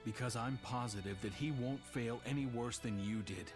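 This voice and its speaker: An actor playing an earnest, gentle young man in a dubbed game cutscene. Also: mid-range voice, moderate pace, lightly acted. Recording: game audio with music.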